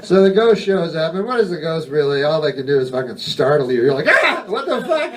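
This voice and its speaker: A man doing a stand-up comedy monologue on a club stage, delivered in a deadpan, rambling and profane style with halting asides. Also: on the high side. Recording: distant mic, noisy live recording.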